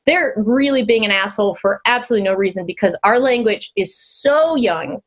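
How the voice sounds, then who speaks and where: A woman co-hosting a podcast, chatting casually in an animated, rambling way, laughing often and swearing now and then. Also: fairly high pitch, brisk, few pauses. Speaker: podcast co-host. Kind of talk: casual chat.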